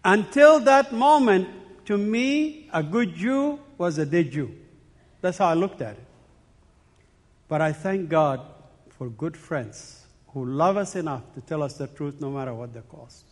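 High-voiced man preaching in a hall. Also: animated, a little slow. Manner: dramatic storytelling in short emphatic phrases. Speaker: speaker giving a personal testimony. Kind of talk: testimony sermon.

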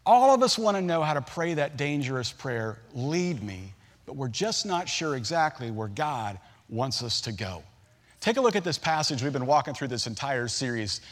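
A man's voice: medium pitch, big pitch swings, moderate pace. Conversational storytelling pastor, a man. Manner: storytelling, conversational, humorous asides. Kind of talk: sermon.

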